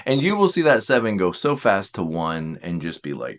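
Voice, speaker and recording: A man's voice: low voice, moderate pace. A man teaching about personality types in a casual, self-deprecating way, acting out bits of conversation. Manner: animated, self-deprecating, acts out quotes. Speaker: Enneagram teacher.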